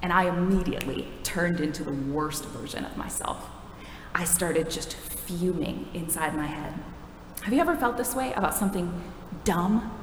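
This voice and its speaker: A woman's voice: on the low side, normal speed, a little hiss or hum. A woman preaching a sermon in a conversational, wry, self-deprecating way. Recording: echoey hall from a distance.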